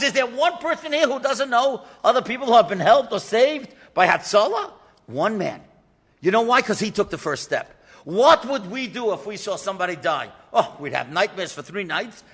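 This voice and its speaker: A man, a rabbi, telling a story in an animated lecture and acting out the voices of the people in it. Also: very high-pitched, slightly rough. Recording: lecture in a reverberant hall.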